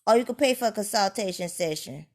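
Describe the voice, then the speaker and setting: A woman ranting in a rambling, profane monologue, sliding from low grumbling into loud heated outbursts. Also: animated, fast. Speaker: vlogger.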